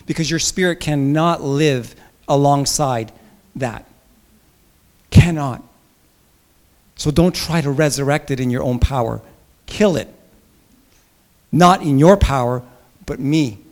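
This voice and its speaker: A male pastor preaching a sermon with emphasis, rising to loud, high bursts and dropping to soft asides. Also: slow, pauses often.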